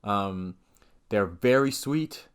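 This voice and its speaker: A man's voice: fairly low pitch, animated, extremely slow, clear, resonant tone. A young man co-hosting a podcast, chatting casually with a dry, offbeat sense of humor. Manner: dry, offbeat jokey delivery. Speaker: podcast co-host. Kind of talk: casual chat.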